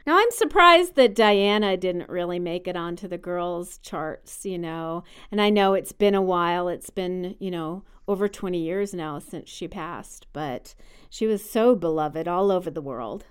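Chatty woman, smooth clear voice. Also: lowish voice, unhurried. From United States. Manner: opinionated, chatty, explains at length. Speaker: podcast co-host. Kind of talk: casual chat about baby names.

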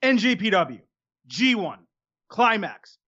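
A man's voice: high-pitched, sing-song, slow pace, sharp tone, breathy edge, highs cut off. A man hosting a podcast in a studio, steering the conversation with dry teasing. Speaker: podcast host. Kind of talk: casual podcast chat.

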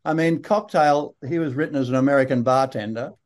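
An older man with a broad Australian accent, telling relaxed, rambling anecdotes with dry humour as an interview guest. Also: medium pitch, a little fast. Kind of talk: casual interview storytelling.

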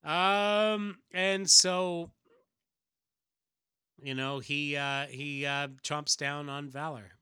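A man's voice: fairly high pitch, fairly even intonation, drawn-out words, pauses often, bright, forceful tone, clear, resonant tone, dry recording, clean studio sound. A man hosting a podcast, narrating a comic casually with fillers like "uh" and "you know". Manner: narrates with frequent fillers and laughs. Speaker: podcast host reading a comic. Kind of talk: casual chat and read-aloud.

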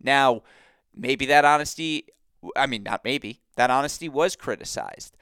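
A man hosting a podcast in a casual sports-analysis chat, talking in an animated, emphatic way and laughing easily. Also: medium pitch, unhurried, clear, resonant tone, no echo, studio quality. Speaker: podcast host.

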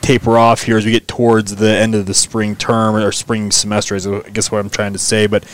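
A man's voice: on the low side, completely flat delivery, clean tone. A man hosting a sports podcast, chatting casually and upbeat with his co-host. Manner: conversational, upbeat sign-off, quick laughs.

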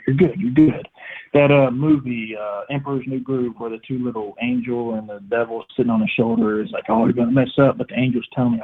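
A young man excitedly telling a hunting story as a guest, acting out every line he quotes. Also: mid-range voice, gravelly, breathy edge, narrow, tinny audio. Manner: excited, animated retelling with acted-out quotes. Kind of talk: casual storytelling.

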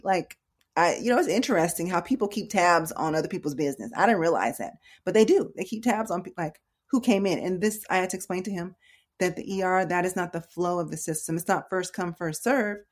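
A middle-aged woman nurse shares a story in a relaxed, chatty manner. She gets animated and acts out the voices of the people in it. Her voice sits a bit low for a woman. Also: brisk. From United States. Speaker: nurse educator. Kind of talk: casual storytelling talk.

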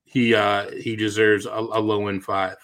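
A man's voice: lowish voice, flat delivery, a little slow, fairly bright tone. A man with a Boston accent co-hosting a casual fantasy baseball podcast, often restarting and trailing off as he talks. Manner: hesitant, restarts and trails off, laughs easily. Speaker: podcast co-host.

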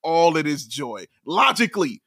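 Excitable high-voiced sports podcast man. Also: moderate pace, vocal fry, a little hiss or hum. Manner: excitable, laughs often, raises voice when thrilled. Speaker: podcast co-host. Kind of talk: casual sports talk.

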